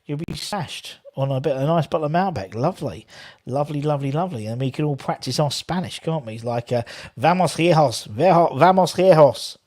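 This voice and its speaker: A man's voice: mid-range voice, animated, quick pace, darkish tone. A man hosting a casual football fan live stream, chatting and rambling while reading out viewer comments. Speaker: fan channel host.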